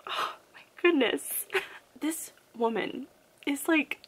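Young woman book vlogger, fairly high voice, casual and gushing, often close to tears. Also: slow, background noise. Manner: emotional and gushing, laughing while near tears. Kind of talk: casual chat.

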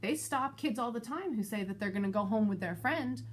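A woman vlogger and mother telling a personal story in a casual, animated, exasperated way. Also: brisk, slight background noise. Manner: animated, exasperated retelling with shifting pitch. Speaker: parent of school-age kids.

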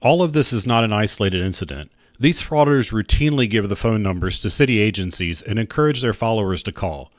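Low-voiced man narrating commentary. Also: animated, brisk, hardly any pauses, no echo, studio quality. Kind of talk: scripted narration.

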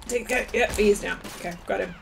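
A young woman giving casual let's-play commentary as a gaming streamer, excitable and quick to exclaim and laugh. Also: mid-range voice, creaky, slight background noise.

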